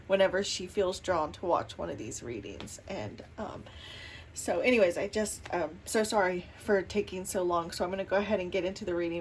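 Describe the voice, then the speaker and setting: A woman talking to camera as a tarot reader, soft and halting with many fillers, and tearful. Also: on the low side, a little hiss or hum. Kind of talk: casual chat to camera, then spoken prayer. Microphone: camera mic.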